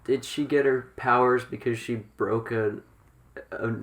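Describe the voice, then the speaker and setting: A man's voice: medium pitch, steady tone, a little slow, fairly bright tone. Curious male podcast co-host. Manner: curious, asks many questions. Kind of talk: casual chat.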